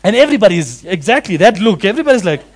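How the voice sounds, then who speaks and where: A man preaching a sermon, animated and acting out quoted voices. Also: sits high, very fast. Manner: animated, acts out quoted voices with big swings in loudness. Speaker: pastor.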